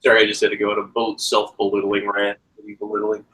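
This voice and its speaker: A man's voice: on the low side, monotone, fast talker, pushed and bright, low-quality recording. A man hosting a casual chat show, rambling and joking, sometimes breaking into sarcastic rants. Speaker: podcast host.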